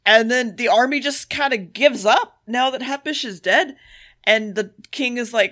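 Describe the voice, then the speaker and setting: A podcast co-host casually recapping an episode, swearing often and tossing in quick quoted lines. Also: mid-range voice, bright, forceful tone. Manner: profane, offhand retelling with quick quoted voices.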